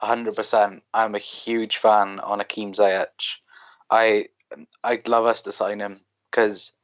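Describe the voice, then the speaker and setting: A man with a Welsh accent from South Wales, co-hosting a casual chat and giving quick opinions with lots of "like". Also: fairly low pitch, dull audio. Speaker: co-host.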